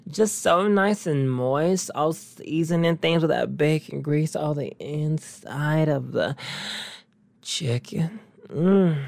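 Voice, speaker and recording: A man's voice: high voice, dry recording. Sassy flamboyant man hosting a podcast. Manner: sassy, flamboyant, calls listeners honey; animated, laughs between stories. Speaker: podcast host. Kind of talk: casual monologue chat.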